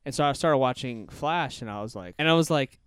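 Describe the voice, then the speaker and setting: A man's voice: medium pitch, animated, brisk, fairly bright tone, clean tone, no room sound, studio quality. A man hosting a casual podcast, chatty and rambling, laughing often as he tells stories. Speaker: podcast host.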